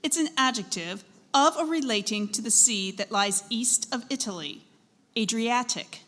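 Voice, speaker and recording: Spelling bee pronouncer, woman; measured and encouraging, bright tone, reverberant hall. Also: a little high. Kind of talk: pronouncing and defining words for contestants. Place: school event hall. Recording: echoey hall with long reverb.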